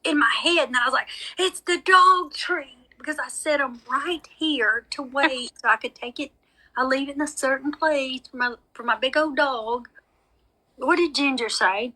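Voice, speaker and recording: Lady rambling on a phone live stream, high bright voice, calls everybody y'all. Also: normal speed, poor audio. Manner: chatty, dramatic, talks straight to viewers as y'all. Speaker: medium hosting a live stream. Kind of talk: casual live-stream chat.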